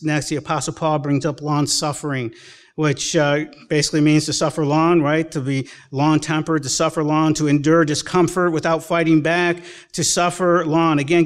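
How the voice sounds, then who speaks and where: A man preaching a sermon as pastor, telling folksy stories with chuckles and acting out the people in them. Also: a little high. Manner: folksy storytelling with chuckles and acted-out quotes. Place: church sanctuary.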